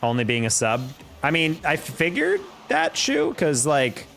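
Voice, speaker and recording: Excitable young male esports caster. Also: on the high side, creaky. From New York. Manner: rapid play-by-play that jumps up in excitement, chatting with viewers between plays. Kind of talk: live-streamed play-by-play commentary with chat.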